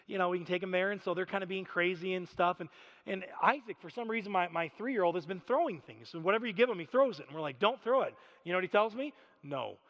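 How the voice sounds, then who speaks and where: A man in his thirties preaching a sermon, telling stories in an animated, self-deprecating way with frequent laughter. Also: high voice. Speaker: pastor. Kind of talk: storytelling sermon. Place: church sanctuary. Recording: reverberant church hall.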